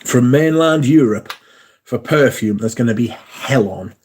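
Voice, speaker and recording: A man's voice: mid-range voice, measured pace, a little mellow. A man chatting casually on a livestream, rambling through stories and reading out viewers' comments. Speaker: livestream host.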